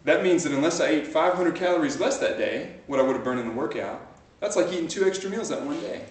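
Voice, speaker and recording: A man with a slightly high voice speaks at a quick pace, giving a motivational talk to a live group in a large room. He tells stories that build toward energized exhortation, recorded in an echoey space by a far camcorder.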